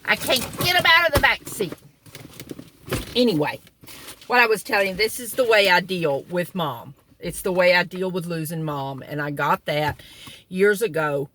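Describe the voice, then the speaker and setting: This middle-aged woman, vlogging from a car, chuckles through folksy family stories in a casual storytelling style. Her lowish voice is bright and forceful, with lively intonation and normal speed, over a slight hiss or hum.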